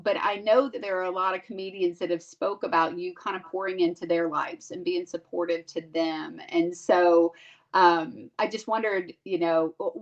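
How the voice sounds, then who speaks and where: A woman co-hosting a podcast, asking long rambling questions with many fillers. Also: on the low side. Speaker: podcast co-host. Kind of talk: casual podcast interview. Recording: dull lo-fi sound.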